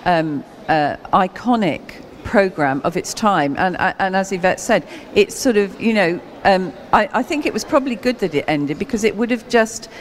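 A woman's voice: mid-range voice, animated, moderate pace, hardly any pauses, slight background noise. A woman hosting a radio book show, interviewing a guest with hesitant, filler-heavy speech.

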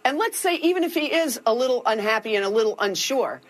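A woman's voice: a little high, animated, fast talker. Female sports pundit, assertive and argumentative. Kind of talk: sports commentary.

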